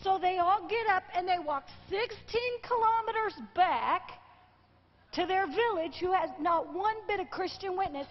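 A woman's voice: very high-pitched, a little slow. A woman preacher telling a story in a sermon, emotional and exclaiming, her voice tearful at times. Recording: dull lo-fi recording in a reverberant hall.

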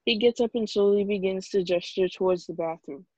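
A woman's voice: mid-range voice, a little fast, dark tone, no echo. Sex: female. Role: reading stage directions. Sound: dull video call.

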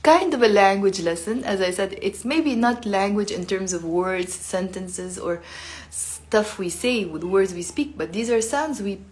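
A slightly mellow woman's voice, medium in pitch and measured in pace. She gives a chatty, filler-filled language lesson on a live stream, expressively demonstrating the sounds for her viewers.

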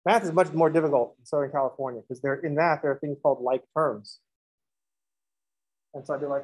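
A man's voice: mid-range voice, fairly even intonation, fast, long pauses, darkish tone, slightly rough, poor audio. A man teaching a math lesson in a classroom, moving from step-by-step explanation into chatty, joking stories and acted-out dialogues. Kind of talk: classroom lecture with joking asides.

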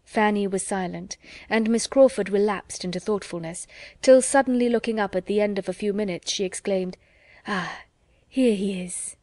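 A woman reading a classic novel as an audiobook narrator, in measured, even storytelling. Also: medium pitch, dry recording. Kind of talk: scripted narration.

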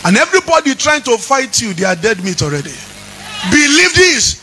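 A man preaching a sermon as pastor, chanting his lines and rising into shouts. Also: sits high, very animated, fast talker, slight background noise, rough recording.

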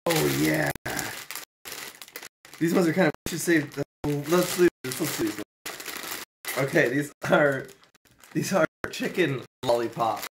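A woman's voice: low voice, measured pace, vocal fry, pauses often, background noise. A woman hosting a casual candy taste-test vlog, chatty and jokey, rambling with restarts. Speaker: vlogger.

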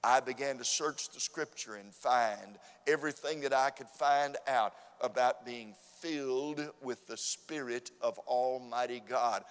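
A man preaching a revival sermon with fervent, repetitive emphasis that rises to loud urging. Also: medium pitch, a little slow, hardly any pauses, clean tone. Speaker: visiting preacher. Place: church sanctuary. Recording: long church hall reverb.

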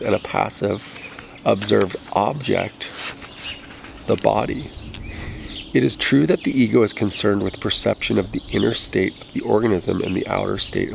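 A man reading a nonfiction book aloud in a measured, deliberate way, stopping now and then to correct himself. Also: fairly low pitch, gravelly, background noise. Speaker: audiobook reader.

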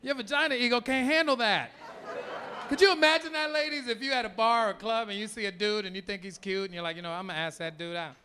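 A man performing a loud, animated, profane stand-up comedy routine on a comedy club stage. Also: very high-pitched, fast, a little hiss or hum. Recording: live club audio with crowd laughter.

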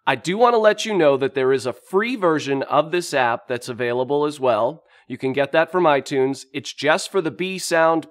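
Steady instructional man demoing an app. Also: medium pitch. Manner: steady instructional explaining, step by step. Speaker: speech-language pathologist. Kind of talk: scripted product demo walkthrough.

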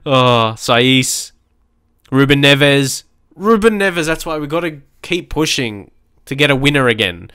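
Excitable man commentating a football game. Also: medium pitch, unhurried, clear, resonant tone, dry recording, studio quality. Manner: excitable, shouting at the screen and swearing. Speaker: gaming YouTuber. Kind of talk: let's play commentary.

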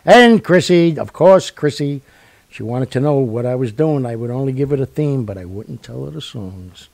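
A man's voice: medium pitch, expressive, moderate pace, creaky, a little mellow, no room sound. A man hosting a radio show, chatting casually in a rambling, joking way. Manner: rambling and jokey, full of fillers and asides. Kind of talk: casual sign-off chat.

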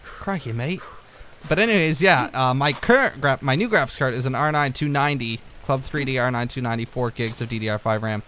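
A young man giving casual let's-play commentary, rambling and easily distracted, breaking into excited outbursts at what he finds on screen. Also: medium pitch, fast talker, hardly any pauses, slight background noise. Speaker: gaming video creator.

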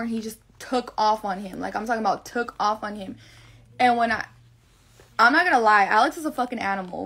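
A woman's voice: on the high side, fairly bright tone. A young woman telling a long personal story on a live stream in a rambling, profane, emotional way. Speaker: livestreamer.

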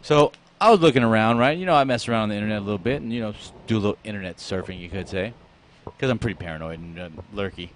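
A man's voice: fairly low pitch, racing, slight background noise. A man hosting a casual radio talk show, joking and laughing easily in a studio.

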